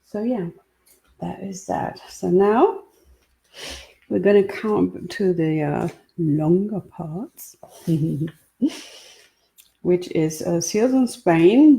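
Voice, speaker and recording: Slow, gravelly woman author chatting. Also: lowish voice. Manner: relaxed, chatty, with ums and laughs. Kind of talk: live reading from her book. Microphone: webcam or phone for a live stream.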